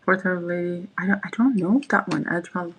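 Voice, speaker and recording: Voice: medium pitch, fast, a little hiss or hum, low-quality recording. A livestream host in casual chat, rambling and reading viewers' messages aloud. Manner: frequent fillers and restarts.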